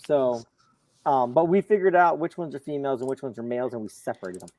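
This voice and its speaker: A middle-aged man on a video call, a comics show panelist, telling a long personal story in casual chat with lively quoting. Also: medium pitch, a little fast, low-quality recording. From Florida, USA. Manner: storytelling, animated, quotes others.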